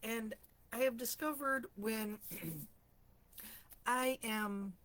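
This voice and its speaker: A woman hosting a casual live chat, telling stories in a chatty way, clearing her throat often, her morning voice slightly rusty. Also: medium pitch, slow pace. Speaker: host of a live stream for empaths.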